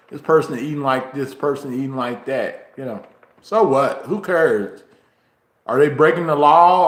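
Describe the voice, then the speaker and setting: A man with a drawl talks slowly and unhurriedly in a casual livestream chat, rambling from point to point. His mid-pitched voice comes through a phone mic and has a roomy echo around it. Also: a bit bright. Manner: slow, drawn-out, rambling talk with frequent ums. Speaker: YouTuber streaming a chat. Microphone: phone, recorded while walking.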